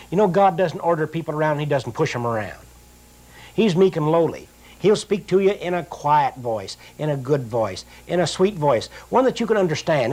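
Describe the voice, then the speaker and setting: An older man preaching a sermon, reading scripture slowly and drawn out, then explaining it in an earnest, plain-spoken way. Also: on the high side.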